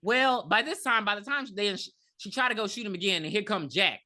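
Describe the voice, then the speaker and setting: An animated podcast co-host retelling a horror film in loose, casual chat. The voice is bright and forward at an everyday middle pitch, and the co-host swears freely while acting out the story. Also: fairly quick. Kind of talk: casual movie recap chat.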